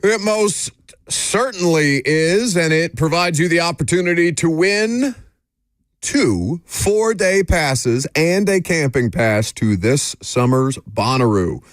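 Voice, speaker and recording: A man's voice: on the high side, animated, slow, no room sound. A man hosting a sports talk radio show, giving his opinions in an emphatic, ranting way from a studio microphone.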